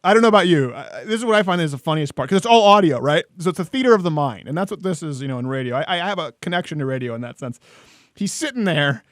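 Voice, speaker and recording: A man's voice: on the high side, dry recording, clean studio sound. A man hosting a talk show, telling stories animatedly and laughing often in casual chat.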